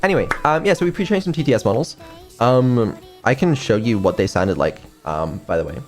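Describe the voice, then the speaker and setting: A man's voice: medium pitch, expressive, fairly quick. A man streaming casually as a developer, hesitant and full of ums, with some casual swearing. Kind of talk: casual live-stream chat. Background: faint music.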